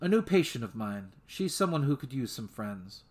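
A man voicing a calm female therapist who speaks in a soothing, reassuring way. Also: mid-range voice, normal speed, close to an everyday voice.

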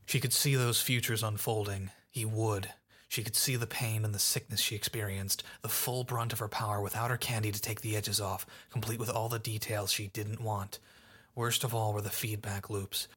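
A man narrating a fan audiobook in a steady, even storytelling manner. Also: fairly low pitch, breathy edge.

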